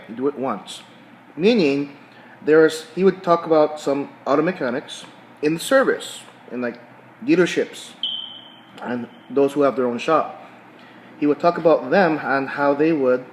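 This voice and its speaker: A man's voice: a little high, unhurried, slight background noise, low-quality recording. Middle-aged man vlogging between bites. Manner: repeats words and restarts phrases while storytelling; talks while chewing food. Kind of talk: casual vlog monologue.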